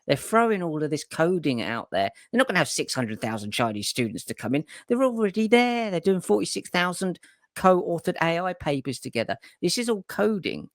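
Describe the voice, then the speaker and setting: A man's voice: high voice, big pitch swings, fairly quick, no room sound, clean studio sound. A man co-hosting a podcast in casual, emphatic chat who swears freely. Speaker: podcast co-host.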